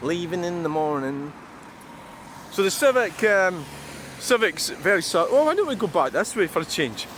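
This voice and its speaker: A man's voice: high-pitched, sing-song, moderate pace, a bit bright. A man rambling and grumbling as he vlogs beside a busy roundabout, swearing freely. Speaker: truck-spotting vlogger. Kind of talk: casual rambling monologue. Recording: outdoor traffic noise. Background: passing cars and trucks.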